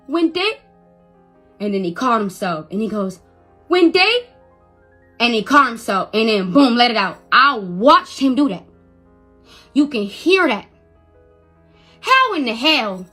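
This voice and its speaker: A woman's voice: high voice, sharp tone. A mother in a heated rant defending herself, agitated and repetitive, stumbling over restarts. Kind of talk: heated live-video rant.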